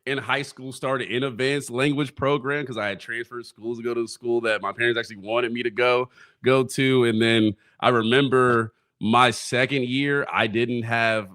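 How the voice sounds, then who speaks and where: A man's voice: mid-range voice, a bit bright. A young man co-hosting a sports podcast, telling school stories in a laid-back way and laughing along. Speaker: co-host. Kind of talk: casual sports podcast chat.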